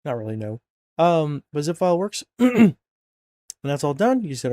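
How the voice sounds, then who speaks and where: A sleepy, yawning man narrates a mod install over a screen recording, rambling and joking with plenty of fillers and self-corrections. His voice sits on the high side with lively intonation and a darkish tone, moving at a moderate pace with long pauses. The recording is dry.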